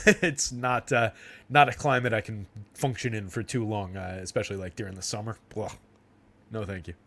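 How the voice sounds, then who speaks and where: A man's voice: fairly low pitch, fairly even intonation, moderate pace, fairly bright tone. A young man from New Jersey hosting a fantasy sports livestream, rambling in a casual, chatty way with frequent laughs and fillers. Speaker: fantasy sports stream host.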